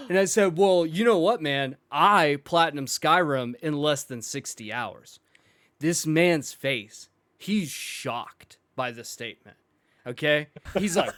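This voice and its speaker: A male podcast host tells a comic story in an animated way, acting out the quoted dialogue. His voice is a little high and a little slow, with no echo and clean studio sound.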